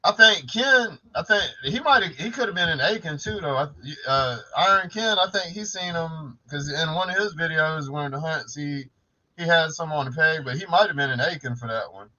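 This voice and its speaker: A man's voice: on the high side, moderate pace, pushed and bright. Laid-back profane man on lo-fi stream. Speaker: live stream co-host. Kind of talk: casual late-night live stream chat.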